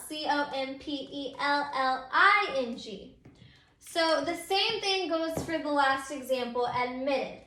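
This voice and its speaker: A woman teacher explains spelling rules patiently, one step at a time, with plenty of ums. Her voice is high and bright. It sounds like a roomy, echoey space. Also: measured pace. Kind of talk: recorded grammar lesson.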